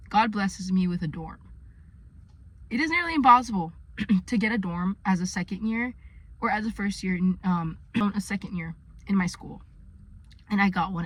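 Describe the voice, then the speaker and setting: Young adult woman, earnest, filler-heavy vlogger, recorded inside her car. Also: mid-range voice. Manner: chatty, earnest, many fillers. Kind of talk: casual faith vlog.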